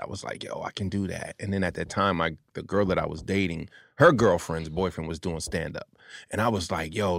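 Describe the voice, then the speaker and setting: A man, a comedian, telling stories in a casual chat, animated and often laughing. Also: deep voice, gravelly, no echo, clean studio sound. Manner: animated storyteller, acts out quotes, laughs often. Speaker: comedian guest.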